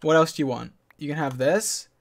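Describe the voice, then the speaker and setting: A man talking casually while playing a video game, flustered and quick to give instructions. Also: fairly high pitch, creaky, crowd noise. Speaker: gaming streamer. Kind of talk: casual gaming chat.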